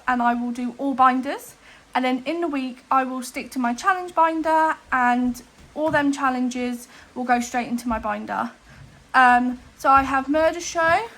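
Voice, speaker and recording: Chatty high-voiced young woman. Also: fairly bright tone. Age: 20s. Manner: chatty, rambling, many "um"s, frequent asides. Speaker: cash stuffing vlogger. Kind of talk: casual chat to camera.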